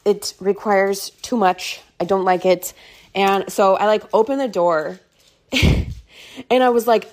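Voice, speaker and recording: A woman's voice: mid-range voice, steady tone, normal speed, darkish tone. A woman in her thirties hosting a podcast, telling a personal story in a casual, rambling way full of filler words. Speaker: podcast host.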